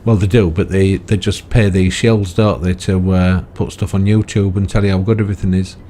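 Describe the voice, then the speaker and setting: A man's voice: low voice, flat delivery, fairly quick, mellow, slight background noise. A man giving rambling, chatty gameplay commentary, often ending remarks with tag questions. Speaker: gaming video creator.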